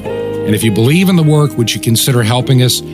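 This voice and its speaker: A man hosting a radio ministry, speaking earnestly in a weak, tired voice and slowing down to spell out details for listeners. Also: mid-range voice, lively intonation, over music.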